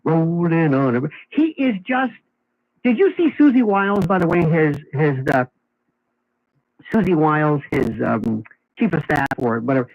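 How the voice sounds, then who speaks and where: A man guesting on a talk radio show, chatting in an animated, sarcastic way with quick asides. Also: on the high side, no room sound. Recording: AM radio broadcast, phone-like.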